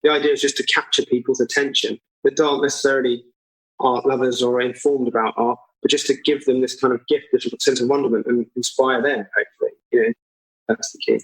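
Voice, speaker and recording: Husky-voiced man, jokey and self-mocking. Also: medium pitch, level tone, fast, fairly bright tone, poor audio. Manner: jokey, self-deprecating, chimes in on his partner's lines. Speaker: guest artist. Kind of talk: casual conversational interview.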